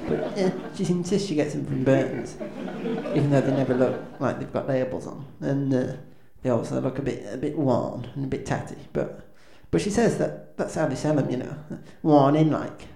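A man's voice: medium pitch, normal speed, gravelly, warm tone. A man doing awkward, self-deprecating stand-up patter as a band's frontman, hesitating with lots of ums and restarts. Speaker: comedic frontman of a band. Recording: echoey room with faint ambience.

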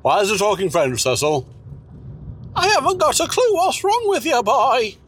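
A man voicing a high-pitched, fussy man who scolds and nags in a shrill voice. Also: huge pitch swings, moderate pace, fairly bright tone, slight background noise, exaggerated voice. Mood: scolding.

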